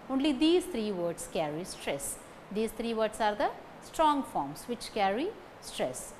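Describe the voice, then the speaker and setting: Indian english lady teacher, slow and singsong, says each sentence twice then hits the stressed words. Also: medium pitch, very animated, slight background noise. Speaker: phonetics teacher. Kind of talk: slow recorded lecture with drilled example sentences.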